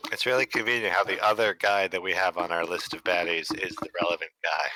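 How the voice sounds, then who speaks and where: A man's voice: low voice, steady tone, fast talker, bright, forceful tone, a little hiss or hum, rough recording. A man playing a tabletop game, making wry, joking remarks. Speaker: player. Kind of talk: casual tabletop play.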